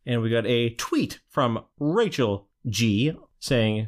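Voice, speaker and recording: A man's voice: medium pitch, expressive, slow pace, few pauses. Laid-back man chatting on a podcast. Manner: laid-back, rambling with fillers and laughs. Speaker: podcast co-host. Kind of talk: casual podcast chat.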